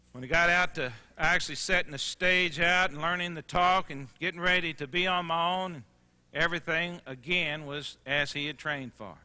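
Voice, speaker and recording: A man leads a sales presentation through stories. His voice is bright and forceful and sits slightly high for a man. He acts out the dialogue and drops soft and quiet when the story turns emotional. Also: clear, resonant tone, in a large hall. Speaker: sales trainer.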